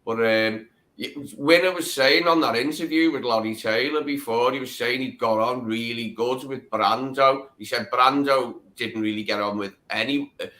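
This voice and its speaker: A man's voice: medium pitch, moderate pace, sharp tone. A man, chatting casually and agreeably on a live stream. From Liverpool, England.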